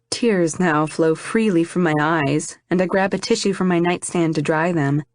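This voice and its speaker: A woman with a fairly low voice narrates an audiobook in the first person, soft and reflective. The recording is dry and close, with no room echo. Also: normal speed, few pauses.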